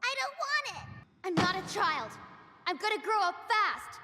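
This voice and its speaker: Asuka, a fiery teen pilot. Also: female voice, very high-pitched, very animated, moderate pace, slight background noise, exaggerated voice. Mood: desperate. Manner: defiant shouting that breaks into desperate pleading. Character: proud, fiery teenage girl mecha pilot. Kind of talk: anime English dub. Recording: dub clip over loud score.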